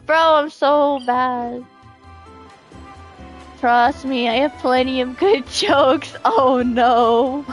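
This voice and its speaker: A woman livestreaming a game, chatting with her viewers and laughing often. Her voice sits high and she talks at an unhurried pace. Faint game music plays behind her. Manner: giggly, laughs often, reads chat aloud. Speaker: game streamer. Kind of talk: casual live commentary.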